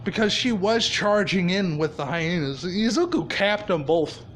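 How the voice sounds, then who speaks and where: Slow, animated man telling a story. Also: high voice, slight background noise. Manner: casual, profane, chuckling. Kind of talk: casual improvised fan-fiction storytelling.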